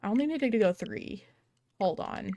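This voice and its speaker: A woman's voice: medium pitch, expressive, normal speed, gravelly, dark tone, dry recording. A young adult woman chatting casually on a live game stream, bubbly and talkative as she greets viewers by name. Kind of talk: casual live-stream chat while gaming.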